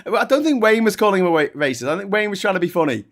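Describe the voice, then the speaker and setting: A man's voice: high voice, big pitch swings, rapid-fire, a bit bright. Sweary man hosting a live stream. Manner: sweary, ranting and jokey. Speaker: host. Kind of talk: live-streamed casual chat.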